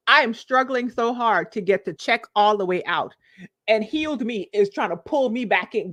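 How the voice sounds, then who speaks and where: A woman in her forties telling a personal story to her live-stream viewers, expressive and confiding, with sudden leaps in pitch. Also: normal speed, dry recording, studio quality. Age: 40s. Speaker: vlogger, life coach.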